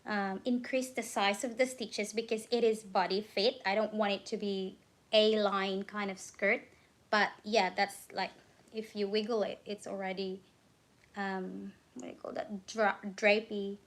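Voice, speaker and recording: A woman hosting a late-night crafting livestream, talking slowly and easily at a middle pitch. She sounds a little drowsy and keeps stopping with ums to hunt for words. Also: flat delivery. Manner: unhurried, searching for words with many ums. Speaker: crochet livestream host. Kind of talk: casual livestream chat.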